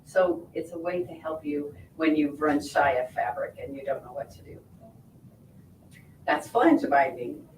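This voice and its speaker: A woman teaching quilting in a hands-on demonstration, her voice sitting a little low for a woman. She walks through each step and checks in often with the listener. The sound comes from a distance in a roomy, echoing space with a faint rumble behind. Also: expressive, unhurried, a little mellow. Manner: friendly step-by-step explaining, checking in with "right?" and "okay?". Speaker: sewing instructor. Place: sewing shop or studio. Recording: echoey room, voice from off-mic.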